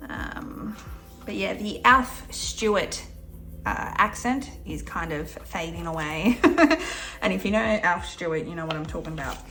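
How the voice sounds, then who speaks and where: Australian woman, young adult, Australian accent; crisp bright delivery, chatty and upbeat vlog host. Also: on the low side, moderate pace. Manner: chatty and upbeat, counting cash aloud. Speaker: budgeting vlogger. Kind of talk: casual vlog narration.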